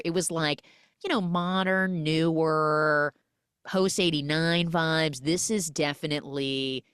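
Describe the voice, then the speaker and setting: A woman hosting a podcast, retelling a film's plot in a lively, animated way. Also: deep voice, clear, resonant tone, no room sound, clean studio sound. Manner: animated storytelling, acts out quoted lines. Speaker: podcast host. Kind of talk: casual movie recap.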